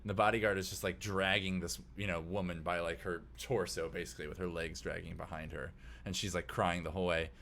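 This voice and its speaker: A man's voice: deep voice, flat delivery, fairly quick, gravelly, a bit bright, a little hiss or hum. A man narrating a tabletop game as game master, casual, with many fillers.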